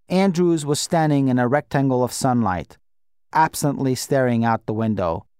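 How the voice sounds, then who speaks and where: A man's voice: medium pitch, a little mellow, no echo. Man narrating an audiobook, dry sound. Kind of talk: scripted narration.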